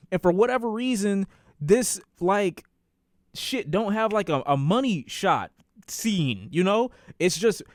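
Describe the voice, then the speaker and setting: A man with a high, lively voice tells a story on a stream, swearing freely and jumping into the voices of his characters. His pitch leaps around constantly. The sound is close and dry, with no room around it. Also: no room sound. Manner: animated, profane, acts out quoted voices. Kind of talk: casual livestream storytime.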